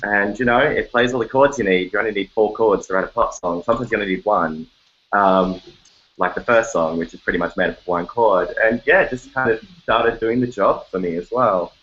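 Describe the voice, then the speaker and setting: A man's voice: lowish voice, a little fast, highs cut off. A man with an Australian accent, a songwriter chatting casually and animatedly from his bedroom, joking as he goes. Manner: chatty, animated, jokey, breaks into sung snippets. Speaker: songwriter guest. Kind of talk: casual interview chat. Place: home bedroom.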